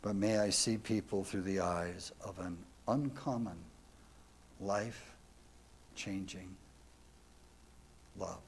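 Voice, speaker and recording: A man's voice: low-pitched, takes it slowly, pauses often, a little hiss or hum. A man telling a devotional story as a sermon, earnest and reflective, ending with questions to his listeners. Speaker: preacher.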